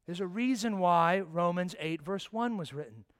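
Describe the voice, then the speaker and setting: A man preaching a sermon as pastor, impassioned, swinging from loud emphasis down to hushed near-whispers and putting direct questions to his listeners. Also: sits high, animated, normal speed, dry recording, studio quality.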